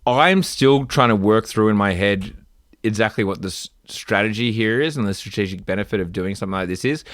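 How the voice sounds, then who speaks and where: A man co-hosting a casual tech podcast, chatty and quick to laugh. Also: fairly low pitch, no room sound, studio quality. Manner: laughs often, reads AI output aloud in a deadpan way. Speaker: podcast co-host.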